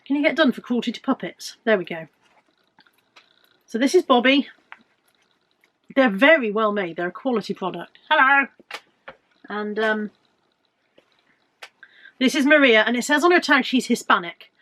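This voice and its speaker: Showing off what she's found, this fifty-something reseller with a British accent jokes at her own expense in easy chatter. Her slightly high, slightly bright voice moves at a normal speed with lively intonation and long pauses.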